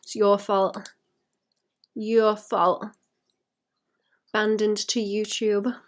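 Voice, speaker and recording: A woman's voice: mid-range voice, little pitch movement, very slow. A woman artist talking to her stream chat while painting, sweary and self-mocking, often muttering and whispering to herself. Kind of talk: live-stream chat with viewers.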